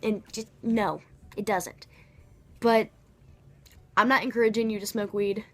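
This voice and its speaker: A woman's voice: mid-range voice, steady tone, a little slow. A young woman vlogger telling a story in a chatty, slangy way with lots of fillers. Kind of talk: casual storytelling.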